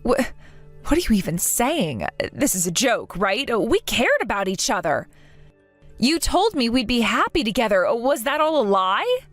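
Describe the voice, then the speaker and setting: Woman playing hurt young bride, earnest, emotional, expressive pitch, dry studio sound. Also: moderate pace, no echo, faint music behind. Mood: distressed. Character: hurt young bride, kind but resolute. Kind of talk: voiced drama narration.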